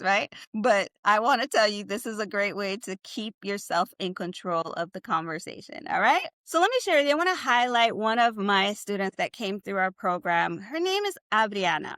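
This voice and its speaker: A woman's voice: medium pitch, sing-song, normal speed, hardly any pauses, a bit bright, no room sound, clean studio sound. A woman whose first language is Spanish, teaching a live online class in English and coaching her students with upbeat encouragement.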